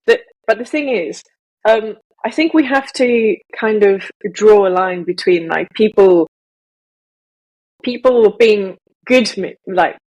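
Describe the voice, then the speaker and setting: A woman's voice: medium pitch, a little mellow, low-quality recording. A young woman with a British accent chatting on a podcast, rambling and hesitant with many fillers and restarts. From Malaysia. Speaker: podcast co-host. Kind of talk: casual podcast chat.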